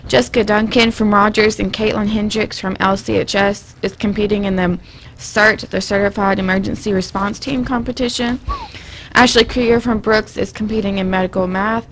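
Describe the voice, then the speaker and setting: Flat-voiced young woman reading a list. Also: medium pitch, moderate pace, a little hiss or hum, low-quality recording. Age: teens to young adult. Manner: quiet, reads names evenly with small stumbles. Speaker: student reader of announcements. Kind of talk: reading announcements.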